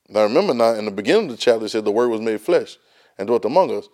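A man's voice: lowish voice, lively intonation, fast, pauses often, darkish tone. A man teaching a Bible study class, emphatic and folksy, often repeating words as he restarts a thought. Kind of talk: Bible study lesson, preaching.

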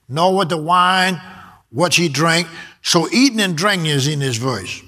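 A man's voice: fairly high pitch, normal speed, sharp tone. A man preaching a sermon, reading scripture aloud and repeating his key words with emphasis.

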